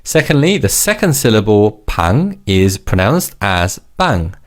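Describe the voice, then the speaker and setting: Lively low-voiced man teaching a language. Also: moderate pace. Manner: clear, encouraging repeat-after-me drilling. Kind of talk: scripted language lesson.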